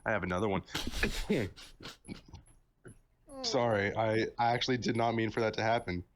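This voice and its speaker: A man's voice: on the low side, normal speed. Wisecracking man on a noisy mic. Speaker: podcast co-host. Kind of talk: casual chat. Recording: noisy background.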